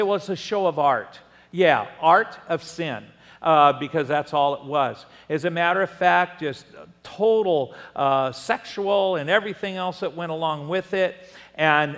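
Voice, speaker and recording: Animated older male preacher in a hall. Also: fairly high pitch. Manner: animated preaching with asides and laughs. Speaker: pastor. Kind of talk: sermon. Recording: long reverb of a church hall.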